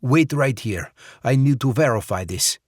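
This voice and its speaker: A man's voice: medium pitch, expressive, moderate pace, no echo, clean studio sound, pitched above the performer's own voice, close to an everyday voice. A man voicing a wary male security guard at a farm gate. The guard speaks in a cautious, officious way.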